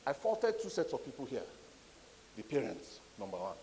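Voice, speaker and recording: A man giving a conference talk, an animated, emphatic storyteller. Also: medium pitch, moderate pace, slight background noise. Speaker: conference speaker. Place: conference hall. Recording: echoey hall.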